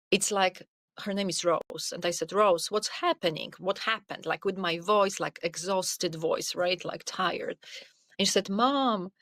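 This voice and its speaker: A middle-aged woman guest on a podcast, telling her career story in an earnest, animated way, with many "you know"s. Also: on the low side, no room sound. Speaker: podcast guest, wellness coach. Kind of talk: conversational interview storytelling.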